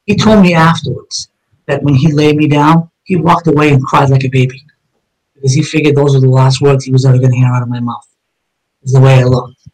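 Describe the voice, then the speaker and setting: A man's voice: mid-range voice, steady tone, fairly quick, darkish tone, rough recording. A man, a police officer, telling his own story in a conversation, blunt and emphatic with heavy cursing.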